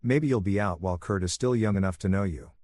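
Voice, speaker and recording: A man's voice: deep voice, fast talker, close to an everyday voice. A man reading as a cold vengeful husband. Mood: menacing. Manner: calm, controlled, menacing.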